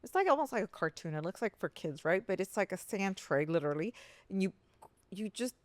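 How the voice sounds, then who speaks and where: Woman, podcast host, casual chat, rambling restarts, dry close sound, mid-pitched voice. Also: a little fast, no room sound. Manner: rambling, animated storytelling with many restarts and fillers; jumps much higher when quoting her therapist, laughing and near tears.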